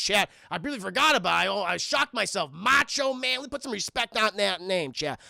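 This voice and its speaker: A man streaming a film recap, excitable and profane, constantly talking to his chat. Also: sits high, normal speed, gravelly, hardly any pauses, no echo, clean studio sound. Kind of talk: casual live-stream commentary.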